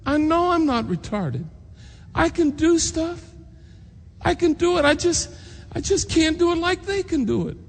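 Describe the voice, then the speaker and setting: A man's voice: very high voice, lively intonation, unhurried, gravelly, pitched above the performer's own voice, exaggerated voice. A man playing a young boy who pleads with his mother in an insistent, breaking voice. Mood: pleading. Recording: long reverb in a large hall, faint noise.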